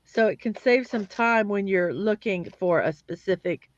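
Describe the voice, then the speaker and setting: A woman's voice: mid-range voice, moderate pace, no room sound, dull audio. A woman hosting a livestream, chatting casually and rambling with fillers and restarts while she builds blocks.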